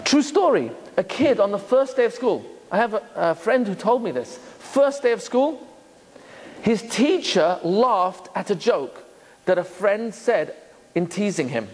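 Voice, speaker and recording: Man rabbi lecturing, high voice, animated, swooping pitch, long hall reverb. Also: unhurried. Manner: animated, acts out quoted voices. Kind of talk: lecture on Torah.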